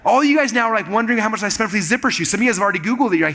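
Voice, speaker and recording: A man speaking on stage to a live audience, telling a lively personal story and acting out the other people's lines. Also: high-pitched, rapid-fire. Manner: animated, acts out quoted dialogue in shifting voices. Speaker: keynote speaker.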